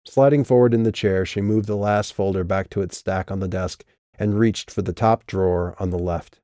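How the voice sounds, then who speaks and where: Low, mellow male audiobook narrator. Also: steady tone, normal speed, dry recording, clean studio sound. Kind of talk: scripted narration.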